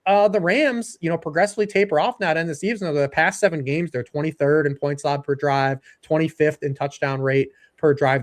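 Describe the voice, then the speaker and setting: A man analyzing sports in casual chat, reeling off stats quickly and dropping dry jokes. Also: on the high side. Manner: rapid stat-heavy talk with dry jokes.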